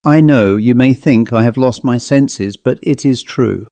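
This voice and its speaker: A man voicing a hearty upper-class Victorian country gentleman in an audiobook ghost story, with a lower, bluff delivery. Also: measured pace, no echo, natural voice. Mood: hushed. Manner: bluff upper-class, calls friends old bean.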